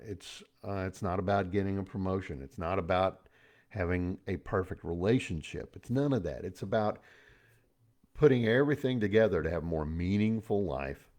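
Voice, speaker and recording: Middle-aged guy, folksy motivational chat, kinda low voice. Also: a little mellow. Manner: chatty, folksy, pop-culture asides and self-amused laughs. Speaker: host. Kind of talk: casual motivational talk.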